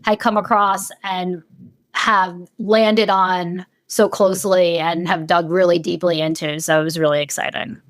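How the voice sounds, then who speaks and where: A woman joining a podcast as the guest expert, chatting in an animated, laughing way and acting out her own reactions. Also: on the low side, unhurried, dry recording, studio quality. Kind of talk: casual podcast chat.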